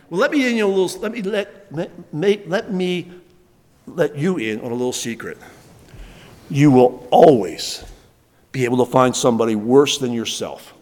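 Man pastor, high voice, emphatic repetitive sermon delivery, long hall reverb. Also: animated, moderate pace. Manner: emphatic, repetitive preaching with fillers.

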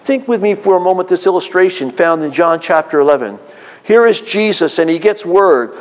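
Male pastor preaching, earnest and deliberate, lingering on key lines, fairly high voice. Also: lively intonation. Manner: earnest, deliberate preaching with drawn-out emphatic phrases. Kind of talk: sermon. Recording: long hall reverb.

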